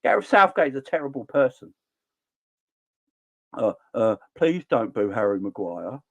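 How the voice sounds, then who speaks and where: A middle-aged man ranting about football in an animated, exasperated way. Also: medium pitch, unhurried, creaky, dull audio. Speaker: football channel host. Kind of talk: opinionated football rant.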